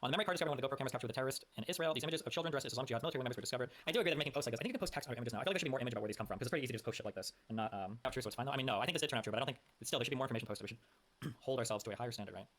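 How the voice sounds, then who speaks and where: A man's voice: mid-range voice, very fast, a bit bright. A man streaming live, reading posts aloud and commenting bluntly with frequent swearing.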